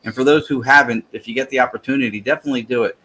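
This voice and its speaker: Man hosting, halting and friendly. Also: mid-range voice, fairly even intonation, bright, forceful tone, slightly rough. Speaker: show host. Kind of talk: casual chat.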